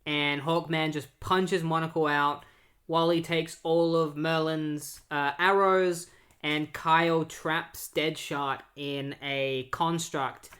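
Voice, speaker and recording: A man's voice: on the high side, flat delivery, slow pace, a bit bright. A man retelling a comic book story in a casual, loose way, with many fillers and restarts. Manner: filler-heavy, loose recap.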